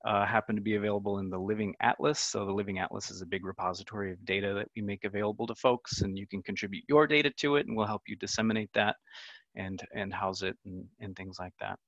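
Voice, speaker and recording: A man's voice: on the low side, fast, a bit bright, no room sound, muffled recording. A man giving a casual online talk as a conference speaker, chatty and self-deprecating, with lots of ums and uhs.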